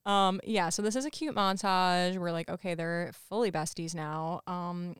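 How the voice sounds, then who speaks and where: A woman's voice: on the low side, steady tone, moderate pace, clear, resonant tone, dry recording, clean studio sound. A woman co-hosting a podcast, chatting casually and retelling movie scenes by quoting the characters. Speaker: podcast co-host. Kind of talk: casual chat recapping a movie.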